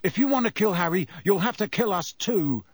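A man's voice: high voice, expressive, a little slow, no echo, voice pushed up. A man voicing an injured teenage boy who speaks weakly but defiantly. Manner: weak, strained and defiant.

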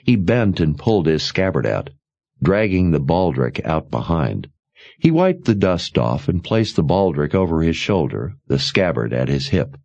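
Deep male audiobook narrator, slow and expressive; dry, slightly dull recording. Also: gravelly, dry recording. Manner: expressive storytelling. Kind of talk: scripted narration.

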